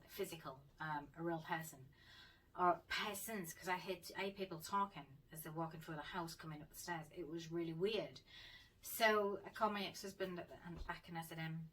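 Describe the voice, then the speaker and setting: A woman's voice: fairly low pitch, a bit bright, husky, recorded from a distance, poor audio. A woman vlogger telling a personal story in a casual, chatty way, swearing freely and laughing often. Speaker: paranormal vlogger.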